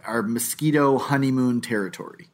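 A man's voice: mid-range voice, moderate pace, darkish tone. A man co-hosting a comedy podcast, chatting casually and laughing often. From New Hampshire or Florida. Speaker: podcast co-host.

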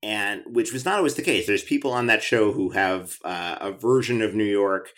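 Casting note: male podcast host, lowish voice, chatty and eager. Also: normal speed, fairly bright tone. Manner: chatty, enthusiastic, many restarts. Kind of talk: conversational interview.

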